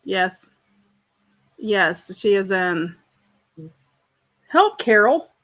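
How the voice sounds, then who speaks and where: A woman with a mid-range, fairly bright voice runs a relaxed craft stream from her home, talking with live viewers and reading out their comments. She's chatty, friendly, and quick to laugh, very animated yet extremely slow in delivery.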